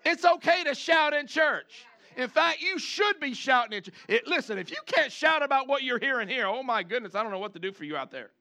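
A man preaching a sermon, animated, switching between chatty asides and loud shouted lines, acting out the people he quotes. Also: extremely high pitch, a little fast, few pauses. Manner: acts out the congregation and the people he quotes. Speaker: pastor.

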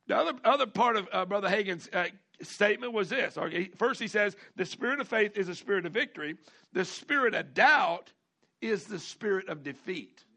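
Male pastor, high bright voice, folksy sermon delivery with call-and-response. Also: lively intonation, vocal fry. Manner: folksy preaching with call-outs, repeats and drawn-out emphasis.

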